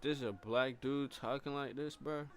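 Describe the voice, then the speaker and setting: A man reacting live to clips, in an unhurried, drawn-out delivery at an ordinary middle pitch. He chats in loose slang, repeats the same short phrases, and jumps into loud exclamations when something surprises him. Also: steady tone. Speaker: streamer reacting to videos. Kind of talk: casual live reaction commentary.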